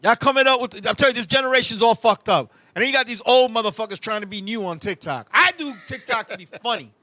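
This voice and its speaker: A male host tells animated, profane stories in casual comic chat and keeps turning to his co-host. His voice is very high and cutting. He is recorded on a close, completely dry mic. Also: quick pace, no echo. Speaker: show host.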